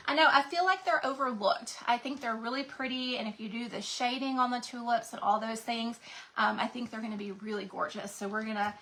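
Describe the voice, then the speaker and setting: A woman's voice: on the high side, fairly even intonation, a little fast, pushed and bright. A woman hosts a crafting livestream, chatting casually, greeting viewers by name, and sounding congested and out of breath.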